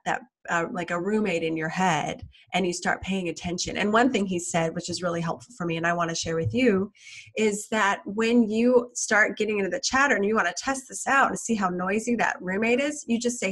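A woman's voice: mid-range voice, a bit bright. A woman speaks as a self-help speaker in a casual, earnest motivational talk. She restarts phrases, doubles her words and leans on fillers and checks like "right?".

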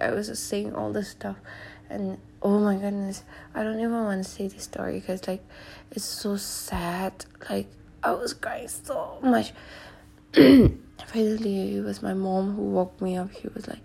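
Soft-voiced young woman, rambling podcast chat. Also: mid-range voice, animated, a little slow, creaky, slight background noise. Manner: rambling, many fillers, drops into a soft whisper at times. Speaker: podcast host. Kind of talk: casual solo podcast storytelling.

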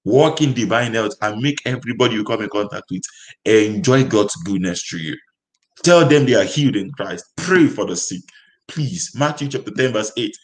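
A man's voice: fairly low pitch, lively intonation, moderate pace, rough recording. A man preaching a sermon, speaking in emphatic, repetitive declarations.

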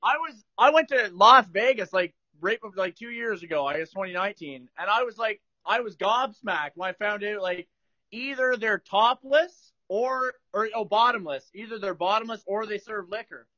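A man's voice: high-pitched, lively intonation, moderate pace, sharp tone, lo-fi sound. A man, a podcast guest in blunt, crude casual banter. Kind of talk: casual chat.

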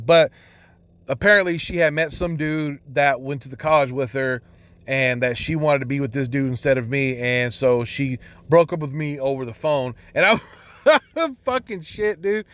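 A man's voice: mid-range voice, measured pace, no echo. A young man telling a rambling personal story, swearing constantly, with many restarts and fillers. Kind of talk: casual storytelling monologue.

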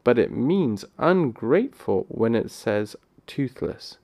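A man's voice: medium pitch, sing-song, slow pace, creaky, darkish tone, heavily acted. A man doing a tearful, stammering little girl. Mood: indignant. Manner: sobbing, stammering, aggrieved.

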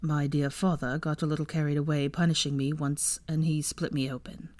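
A woman's voice: low voice, little pitch movement, brisk, darkish tone, dry recording, close to an everyday voice. Woman voicing a guarded, world-weary young man. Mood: subdued. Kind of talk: fan fiction audiobook reading.

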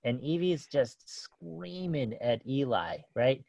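A man's voice: medium pitch, lively intonation, slow pace, vocal fry, a little mellow, no room sound. A man in his thirties casually telling a story about his kids, rambling with lots of fillers and restarts and laughing often.

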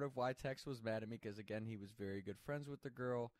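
A man's voice: lowish voice, a little fast, hardly any pauses, dry recording, clean studio sound. A man telling a personal story casually, swearing freely and laughing as he goes. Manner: profane, animated, laughs while telling.

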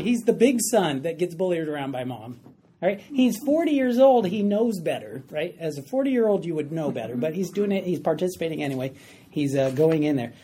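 Speaking at medium pitch with a slightly rough voice, a woman leads a Bible study class in a room with a board. Her delivery is lively and conversational, and she asks the class questions.

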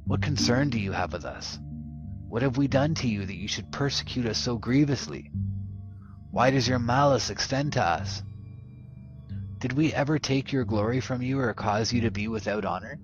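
Eve, the first woman, wails and accuses in a pitched-up, loud voice, as a male reader puts her on. The audio is muffled and music plays clearly behind this storybook reading. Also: moderate pace, close to an everyday voice. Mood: wailing. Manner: wailing, accusing.

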